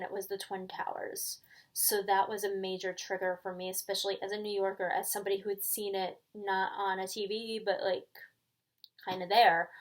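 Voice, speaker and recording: A woman's voice: medium pitch, low-quality recording. Rambling New York woman chatting casually. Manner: rambling, hesitant, many ums and likes. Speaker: tarot channel host. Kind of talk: casual chat.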